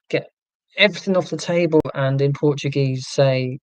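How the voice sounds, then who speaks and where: A man's voice: mid-range voice, measured pace, long pauses, a little mellow, no room sound. A man from England hosting a live stream, chatting in a rambling, self-deprecating, joking way. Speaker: livestream host.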